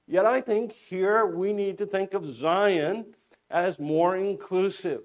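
A man preaching a sermon, earnest and exhorting, slowing down to stress key words. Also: sits high.

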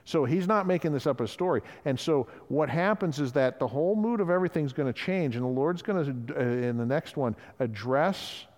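A man's voice: fairly high pitch, animated, brisk, few pauses, darkish tone, in a large hall. A man preaching a sermon in a conversational way, often acting out the voices of people he quotes. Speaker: pastor.

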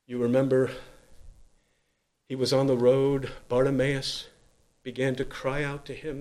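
A man preaching a sermon in an earnest voice, swinging from loud emphatic lines to quiet low ones. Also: flat delivery, measured pace, pauses often.

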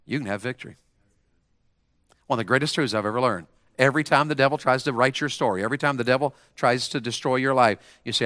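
A man's voice: medium pitch, quick pace, fairly bright tone, no echo, clean studio sound. A man preaching to students, using a volunteer as an illustration and leading them in call-and-response phrases. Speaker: preacher at a school chapel. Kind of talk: sermon to students.

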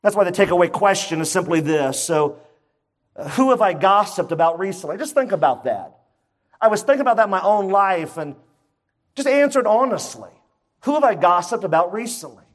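Pastor, male, higher-pitched voice, emphatic conversational sermon, peppered with questions to the congregation. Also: expressive, brisk.

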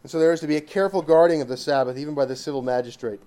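A man's voice: fairly high pitch, rapid-fire, few pauses, mellow. A man teaching a catechism lesson. He talks emphatically, asks rhetorical questions and repeats his key words. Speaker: Bible teacher.

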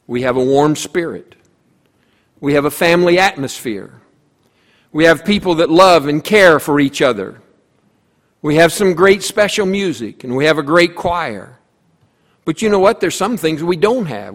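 A man's voice: on the high side, a bit bright. A man preaching a sermon as pastor, telling a story with voiced characters and emphatic repetition. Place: church sanctuary. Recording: long reverb of a church hall.

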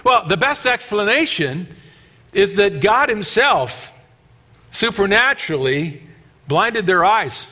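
High, bright-voiced male preacher. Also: slow. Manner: animated, acts out scripture voices. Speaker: pastor. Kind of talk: sermon.

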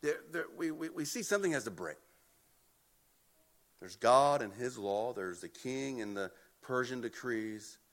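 A man's voice: medium pitch, expressive, a little slow. A man preaching an expository sermon, emphatic and often repeating words as he builds a point. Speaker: pastor.

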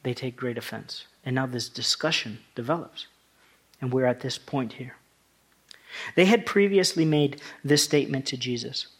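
A man's voice: medium pitch, normal speed, fairly bright tone, breathy edge. A male pastor preaching a sermon, talking through scripture in a conversational way that rises to emphatic passages.

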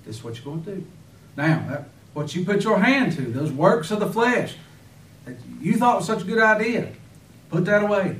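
A man's voice: sits high, animated, normal speed, a bit bright. Guy preaching hard, lots of questions at the crowd, echoey hall, kinda far from the mic. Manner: fervent preaching, rhetorical questions, sudden emphatic bursts. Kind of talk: sermon.

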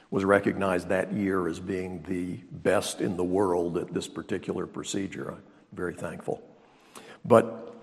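Older male pastor preaching in echoey hall. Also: fairly low pitch. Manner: emphatic preaching, swinging from loud exclamations to quiet asides. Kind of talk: sermon. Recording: long reverb of a large hall.

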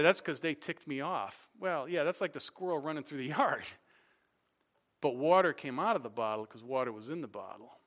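A man preaching a sermon from a church stage, animated, often repeating words as he builds a point. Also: on the high side. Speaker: pastor.

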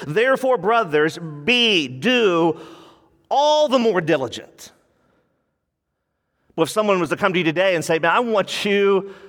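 High-voiced preacher man in a hall. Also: a bit bright. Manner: emphatic, conversational preaching with frequent repetitions. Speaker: pastor. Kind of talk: sermon.

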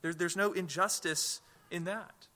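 A man's voice: high-pitched, fairly even intonation, measured pace, bright, forceful tone. A man preaching a sermon as pastor, in a conversational way, often repeating words as he starts sentences and asking the listeners rhetorical questions. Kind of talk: sermon teaching.

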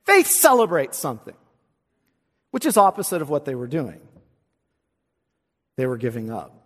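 A man preaches in a church sanctuary, his high voice leaping and dropping between emphatic declarations and quiet asides. He keeps asking his listeners rhetorical questions as he works through a passage. A long hall reverb trails behind every phrase. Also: wildly swooping pitch, moderate pace. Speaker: pastor. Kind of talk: expository sermon.

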